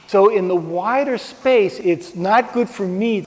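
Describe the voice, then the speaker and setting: A man's voice: high voice, takes it slowly, a little hiss or hum. A man giving an informal, conversational talk on ethics to a live audience, with props and pointing. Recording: long reverb of a hall.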